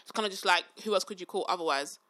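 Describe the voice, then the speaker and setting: A woman's voice: lowish voice, rapid-fire, bright, forceful tone. A young woman in casual chat, giving firm opinions and often asking if she's understood. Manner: opinionated, keeps asking "do you know what I mean".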